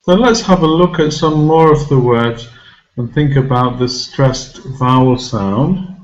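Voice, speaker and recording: A man teaching English vocabulary and pronunciation, saying each word slowly and clearly for learners to repeat. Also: mid-range voice, highs cut off. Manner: slow, deliberate enunciation, modelling words for repetition. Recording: roomy echo with loud music behind.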